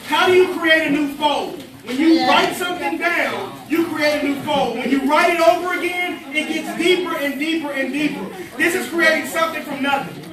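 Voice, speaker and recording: A man, giving an energetic, preachy motivational speech with call-and-response to students in a large hall. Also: extremely high pitch, normal speed, hardly any pauses. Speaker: motivational speaker. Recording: echoey hall from far off, chattering crowd.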